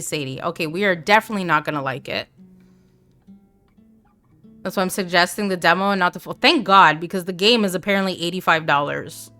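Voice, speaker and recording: Her voice sits on the low side, yet it comes across brisk, bright, and forceful while soft music plays underneath. She's a live game streamer keeping things casual: chatting, reading viewer messages aloud, and dropping playful asides.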